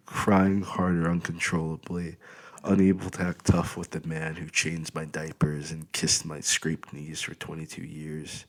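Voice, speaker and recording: A man reading an audiobook in an expressive first-person storytelling way. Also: rumbling low, a little slow. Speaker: audiobook narrator. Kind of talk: scripted audiobook narration.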